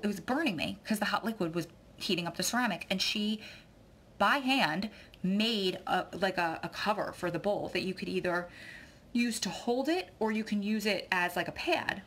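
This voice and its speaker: A woman's voice: medium pitch, moderate pace, fairly bright tone, a little hiss or hum. Babbling emotional woman vlogger. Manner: babbling, tearful, effusive. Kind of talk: rambling emotional vlog chat.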